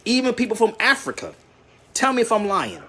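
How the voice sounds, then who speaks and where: Brief: man, high and very lively voice, insistent street debater, faint noise behind. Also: a little fast, crowd noise. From Philadelphia, USA. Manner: animated, insistent, repeats "listen" and "bro". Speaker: traveling commentator and radio host.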